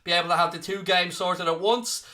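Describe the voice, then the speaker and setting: Upbeat young male stream host, high and bright, casual chat with viewers. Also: steady tone, brisk. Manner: chatty and upbeat, greets chatters by name. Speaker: host of a football watchalong stream. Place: home streaming setup.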